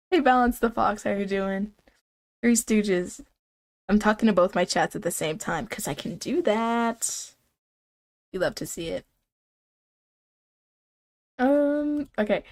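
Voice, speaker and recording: A woman's voice: mid-range voice, takes it slowly, long pauses, darkish tone. A woman streaming live, chatting casually with her viewers in a rambling, playful way, often saying "like" and "dude".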